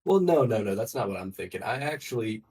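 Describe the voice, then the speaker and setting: A man's voice: medium pitch, animated, fast talker, darkish tone. A man playing in a tabletop game, hesitant and playful, with many fillers. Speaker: player. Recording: somewhat distant from the mic.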